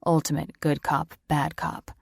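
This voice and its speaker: A woman's voice: sits low, level tone, measured pace, vocal fry, slightly rough, full character voice. A woman voicing a sarcastic, mocking young man. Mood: sardonic. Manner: dry, mocking banter.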